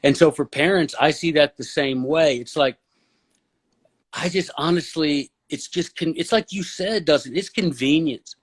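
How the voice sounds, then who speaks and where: A man's voice: on the high side, moderate pace, slightly rough. Blunt, opinionated man guest. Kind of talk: casual podcast conversation.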